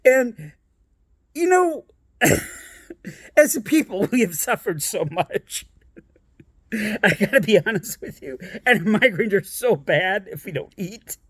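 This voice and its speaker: A man's voice: sits high, no echo, clean studio sound. A man telling a rambling family story in a casual way, laughing often as he talks. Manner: lively and animated.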